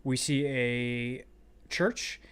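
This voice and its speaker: A man's voice: medium pitch, extremely slow, fairly bright tone, smooth. Enthusiastic man retelling movie scenes. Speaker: podcast co-host. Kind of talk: casual movie chat.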